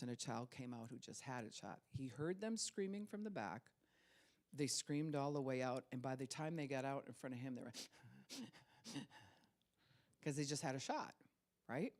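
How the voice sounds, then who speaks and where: A woman's voice: extremely low pitch, lively intonation, moderate pace, pauses often, a little mellow. Woman pastor, 60s, storytelling sermon delivery with lots of laughter. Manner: storytelling, laughs often, acts out quoted voices.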